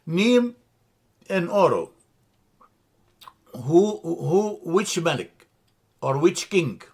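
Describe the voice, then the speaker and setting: A man teaching a language lesson from slides, slow and deliberate, repeating terms and correcting himself as he explains. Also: on the high side, very animated, breathy edge. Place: church classroom.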